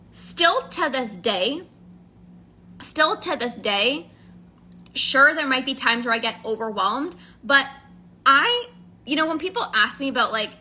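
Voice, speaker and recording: Bright high-voiced woman coach. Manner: earnest, emphatic, repeats phrases for stress. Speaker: emotional eating coach. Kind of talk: casual candid monologue.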